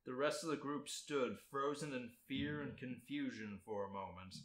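A man's voice: medium pitch, normal speed. A podcast host reads a silly story aloud, his voice bouncing around an echoey room. He sounds amused, often on the edge of a chuckle as he reads. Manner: amused reading, breaks into laughs. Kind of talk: reading fan fiction aloud.

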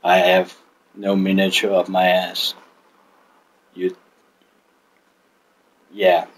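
A man's voice: low voice, completely flat delivery, extremely slow, slightly rough, low-quality recording. A man with a non-native English accent, chatting casually in a vlog, joking and rambling with lots of fillers and swearing. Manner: joking, rambling, profane, with frequent fillers and restarts. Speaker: miniature painting vlogger.

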